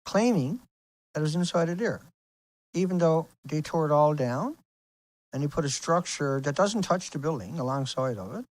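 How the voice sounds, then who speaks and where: A man's voice: a little high, lively intonation, moderate pace, no echo. A man hosting his own video, talking casually and insistently over pictures on screen, asking rhetorical questions as he rambles. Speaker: video host.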